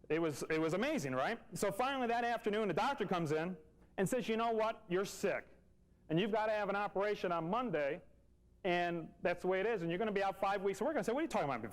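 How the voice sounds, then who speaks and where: Guy in his 40s telling his story, kinda high pitched, earnest, repeats stuff for emphasis. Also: rough recording. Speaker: speaker telling a personal story to coworkers. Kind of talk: personal storytelling talk.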